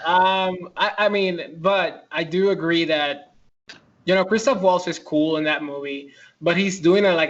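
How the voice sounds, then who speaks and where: A man's voice: on the high side, fairly bright tone, muffled recording. A man co-hosting a film podcast, talking casually with lots of fillers and swearing. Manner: rambling, profane, many fillers. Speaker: podcast co-host. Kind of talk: casual chat.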